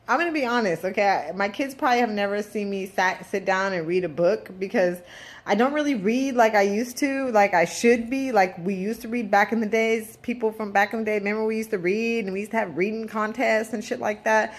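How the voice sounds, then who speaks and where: A woman's voice: mid-range voice, fairly quick. Blunt, profane woman ranting in a vlog. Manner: blunt and profane, rambling with fillers. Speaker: parent vlogger. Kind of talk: casual vlog rant.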